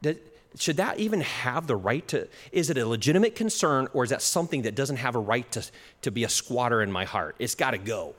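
A man preaching a sermon in a church hall, with an animated delivery. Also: mid-range voice, brisk. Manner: animated, acts out little quoted exchanges, chuckles at his own jokes. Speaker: pastor. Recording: long hall reverb.

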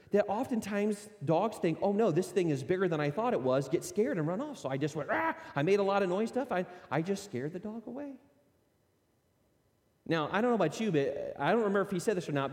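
A middle-aged male pastor delivers a sermon in a slightly higher voice that swings widely in pitch. He acts out quotes and jokes at his own expense. The sound carries a long reverb from a large hall. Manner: animated storytelling with voiced asides and self-deprecating humor.

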